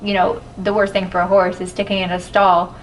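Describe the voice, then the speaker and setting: A woman's voice: mid-range voice, little pitch movement, a little fast. A woman guest on a podcast, talking candidly and joking now and then in casual chat. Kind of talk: casual conversation. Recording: distant mic with faint background noise.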